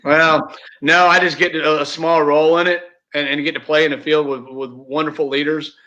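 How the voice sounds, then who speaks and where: Man, heartfelt and rambling, higher voice, dull lo-fi sound. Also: little pitch movement, moderate pace, pushed and bright. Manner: heartfelt, rambling, many fillers and restarts. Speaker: real estate team leader, guest. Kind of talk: casual interview chat. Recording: dull lo-fi audio.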